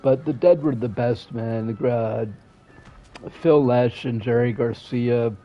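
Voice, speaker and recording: A man's voice: medium pitch, fairly even intonation, slow, muffled recording, faint music behind. A man streaming a video game, rambling and aggrieved in casual chat, swearing constantly and trailing off mid-sentence. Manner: restless and aggrieved, trails off and restarts.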